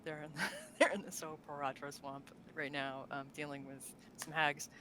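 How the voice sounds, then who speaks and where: A deep-voiced woman with flat delivery talks at a moderate pace over a noisy background. Co-hosting a casual tabletop lore podcast, she's chatty and laughs often, with many fillers and restarts.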